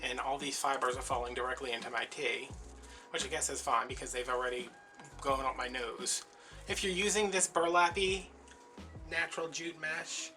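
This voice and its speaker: A man's voice: medium pitch, sharp tone. A man chatting casually while he makes a craft, telling stories and acting out the voices of people in them. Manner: chatty storyteller, acts out quoted voices. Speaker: crafting vlogger.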